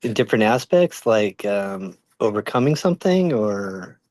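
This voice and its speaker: A man, a sports journalist, answering interview questions in a measured way, often pausing on ums and you-knows. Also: lowish voice, big pitch swings, a little mellow, no room sound. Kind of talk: casual interview talk.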